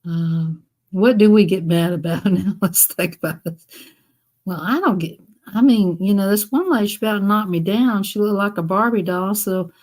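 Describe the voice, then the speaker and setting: A woman chatting casually on a live stream, wandering from one story to the next. She laughs often at her own tales, and her voice sits at an ordinary middle pitch. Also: moderate pace, darkish tone.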